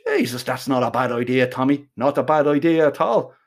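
A man's voice: medium pitch, animated, fairly quick, natural voice. A man with an Irish accent voicing a bossy, blunt male bandleader who talks in a commanding way. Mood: stern.

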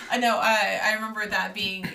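A woman's voice: mid-range voice, level tone, creaky, recorded from a distance, over a noisy crowd. A woman hosting a casual podcast, playful and chatty, from Sacramento. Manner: playful, chatty, quick to laugh. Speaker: podcast host. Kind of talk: casual chat. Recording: roomy, a bit off-mic.

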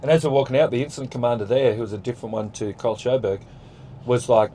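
A man's voice: mid-range voice, steady tone, fast, mellow, slight background noise, low-quality recording. A man with an Australian accent, co-hosting a podcast in casual chat, talking in an earnest, reflective way. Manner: earnest, reflective, praises at length. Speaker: podcast co-host.

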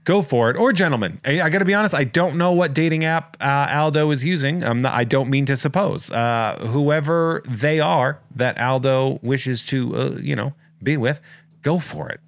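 A man hosting a podcast in casual chat, joking and rambling through listener shout-outs. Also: medium pitch, normal speed, no room sound. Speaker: podcast host.

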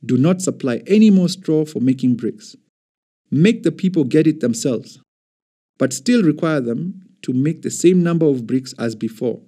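A man reading the lines of a stubborn, scornful Egyptian king, sharp and scolding. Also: fairly high pitch, animated, normal speed, husky, pitched above the performer's own voice. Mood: commanding. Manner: sharp, scolding, shouting at times.

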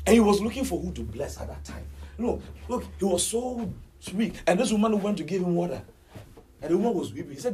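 A man delivers a sermon as dramatic storytelling, his fairly high voice leaping up and down with lively expression. He bursts into shouts, then drops to hushed near-whispers. A faint noise sits under the recording. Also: brisk, low-quality recording. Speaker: preacher.

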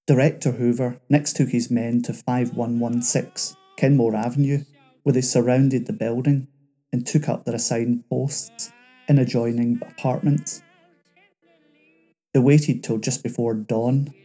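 A man reading a scripted true-crime narration in a measured, dramatic way. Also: mid-range voice, fairly even intonation, mellow, slightly rough, soft background music.

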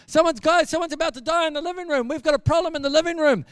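A preacher voicing his excitable island-raised friend, who panics in a rush of urgent words. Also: on the high side, normal speed, clear, resonant tone, natural voice. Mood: frantic. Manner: frantic, panicky, breathless urgency. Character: excitable young man from a remote island.

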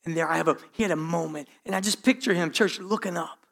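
A man with a high, bright voice preaches a sermon in a church. He speaks straight to the congregation, full of asides, quick restarts and repeated phrases. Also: vocal fry. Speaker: pastor.

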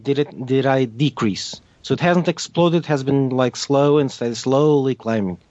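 A man's voice: medium pitch, moderate pace, a little mellow, no room sound. A man whose first language is Portuguese, a guest on a podcast, chatting casually and searching for words. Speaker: guest, motorcycle video creator. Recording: dull lo-fi sound.

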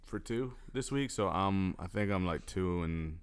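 A man's voice: low-pitched, expressive, measured pace, smooth. A young man from Texas co-hosting a podcast, rambling, joking and swearing in casual chat. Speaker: podcast co-host.

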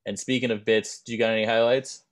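A young man co-hosting a podcast, telling rambling anecdotes and dropping deadpan jokes in casual chat. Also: medium pitch, fast talker. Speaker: podcast co-host.

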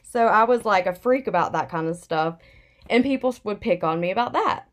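A woman's voice: mid-range voice, lively intonation, brisk. Young woman chatting away, candid, says "like" a lot. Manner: chatty, many "like" fillers, candid storytelling. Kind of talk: casual chat.

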